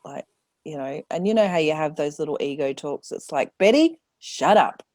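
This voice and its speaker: A woman with a very low voice talks candidly as a podcast guest. She acts out her own inner thoughts and laughs often, and the sound is close and dry. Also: fairly quick, darkish tone, no echo. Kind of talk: casual conversation.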